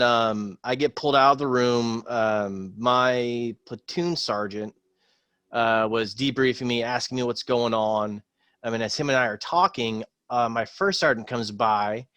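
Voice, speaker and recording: A man, a former Marine, telling a war story in casual podcast chat, rambling with many pauses and swearing freely. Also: mid-range voice, fairly bright tone, dry recording.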